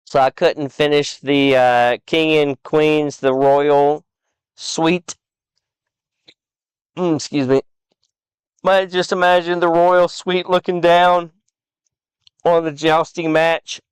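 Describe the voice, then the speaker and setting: A man casually walking through a game build, rambling and halting with fillers. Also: on the high side, steady tone, smooth, no room sound. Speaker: game streamer.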